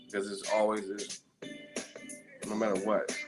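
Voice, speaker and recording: A man with a lowish voice talks loosely to his live-stream viewers about boxing, tired and rambling, with profanity dropped in casually. Music plays clearly behind him throughout. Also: monotone, measured pace. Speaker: boxing channel host. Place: hotel room in Las Vegas.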